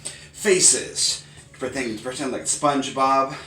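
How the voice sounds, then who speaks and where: A middle-aged man, a math consultant, demonstrating a teaching routine and punctuating each math term with a loud karate grunt. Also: medium pitch, steady tone, slow, slight background noise. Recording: roomy sound, mic at a distance.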